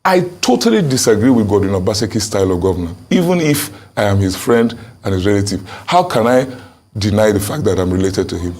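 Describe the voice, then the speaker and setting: A man's voice: lowish voice, animated, fast talker, darkish tone. A man with a Nigerian accent, a politician answering an interview question with emphatic, rhetorical phrasing.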